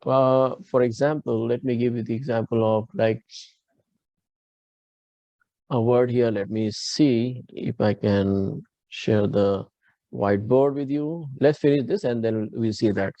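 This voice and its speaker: Over a dark, steady, medium-pitched voice with no room sound and the highs cut off, a man with an Indian English accent walks students through pronunciation in a live online class. He explains slowly, keeps restarting, and asks if they're following.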